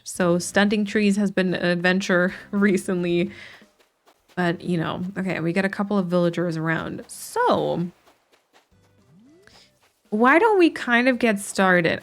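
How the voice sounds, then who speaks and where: A woman streamer chatting casually while playing a game, thinking aloud with restarts and light laughs. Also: on the low side.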